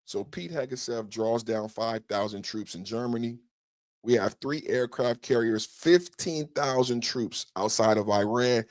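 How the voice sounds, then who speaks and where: A man hosts a podcast and rants about politics. He is indignant and swears freely, his pitch sits mid-range for a man, and the sound is dry and close with no room behind it. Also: measured pace, dry recording. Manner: indignant, builds to shouting, swears often. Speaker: podcast host. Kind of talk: political commentary rant.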